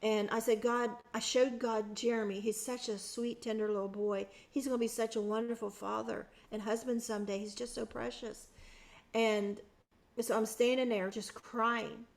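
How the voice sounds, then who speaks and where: A woman's voice: fairly high pitch, level tone, normal speed, gravelly. Earnest woman telling a personal story. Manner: earnest, emotional, with frequent restarts. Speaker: podcast guest.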